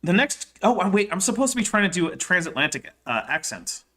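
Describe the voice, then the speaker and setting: A man's voice: high-pitched, big pitch swings, brisk, bright, forceful tone. Chatty man hosting a livestream. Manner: joking, chatty, reads aloud with asides. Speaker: host. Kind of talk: casual livestream commentary.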